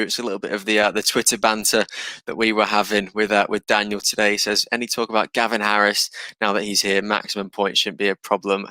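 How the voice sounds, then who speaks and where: Low, flat-voiced man hosting a chat. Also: clear, resonant tone, no echo. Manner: bantering, teasing. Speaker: podcast host. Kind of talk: casual panel chat.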